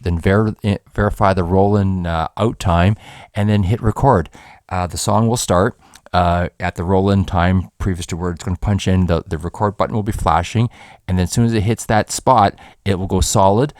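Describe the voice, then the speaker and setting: A man's voice: sits low, smooth, no echo. A man hosting a home recording tutorial in his own studio, explaining in a rambling, casual way with many fillers and restarts.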